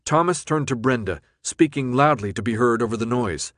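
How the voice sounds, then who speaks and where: A man narrates an audiobook in a steady, even storytelling voice of middling pitch. He is recorded close on a studio mic. The sound is dry, with no room echo. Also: moderate pace, hardly any pauses. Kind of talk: scripted narration.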